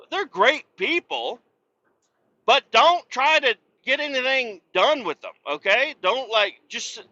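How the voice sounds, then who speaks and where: A man who hosts a podcast, ranting in a casual, profane, sarcastic way while he drives his truck down the highway. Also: pushed and bright. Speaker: podcast host. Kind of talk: casual rant while driving. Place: inside a moving truck on the highway. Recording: dull lo-fi sound.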